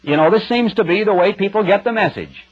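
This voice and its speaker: A man's voice: high voice, fast, breathy edge. A man preaching a broadcast sermon in a plain-spoken, emphatic, conversational way. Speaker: radio preacher. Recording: dull lo-fi radio broadcast with faint music.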